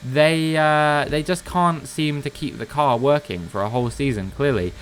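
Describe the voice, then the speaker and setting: A man narrating and commenting over his own racing gameplay, steady play-by-play that breaks into exasperated, animated outbursts. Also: on the high side, normal speed, slight background noise. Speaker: gaming commentator.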